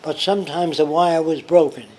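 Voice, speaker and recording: A man's voice: a little high, steady tone, normal speed, a little mellow, slight background noise, rough recording. An older man telling anecdotes in casual conversation, acting out the people he quotes. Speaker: interviewee. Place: pub. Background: pub ambience.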